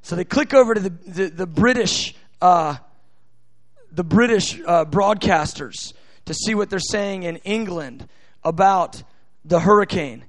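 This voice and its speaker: An American man preaching a sermon, halting and restarting, then building to shouted prayer. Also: sits high, no room sound. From United States. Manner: impassioned, rising to shouts in prayer.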